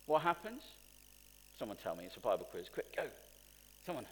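A man of medium pitch preaches a little fast, firing questions at the congregation and building animatedly to emphatic moments. Expect a little hiss or hum and a long hall reverb.

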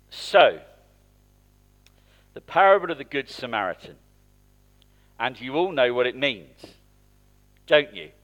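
A man's voice: medium pitch, big pitch swings, slow, pauses often, a bit bright. Man preaching a chatty, interactive sermon. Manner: conversational, asks the congregation questions. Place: church.

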